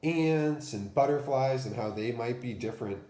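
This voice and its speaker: A man teaching a phonics lesson to first graders and reading them a story, pronouncing each word clearly and deliberately. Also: medium pitch, mellow, echoey room. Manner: clear, deliberate enunciation for children.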